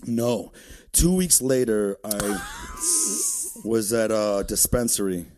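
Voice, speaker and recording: A male comedian from Detroit telling a story as a podcast guest, profane and excitable, laughing as he talks. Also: fairly low pitch, measured pace, a little hiss or hum. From Detroit, USA. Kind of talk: animated comic storytelling.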